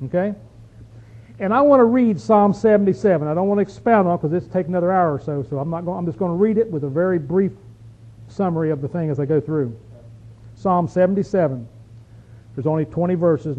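A man's voice: sits high, mellow. A man preaching a sermon in a folksy manner, reading scripture aloud with emphasis. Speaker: pastor. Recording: dull lo-fi recording.

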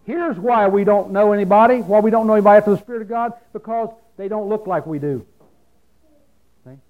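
Folksy high-voiced preacher on old radio. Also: male voice, fairly quick, phone-quality sound. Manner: asks the listeners questions and answers them himself; folksy, plain-spoken. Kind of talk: sermon.

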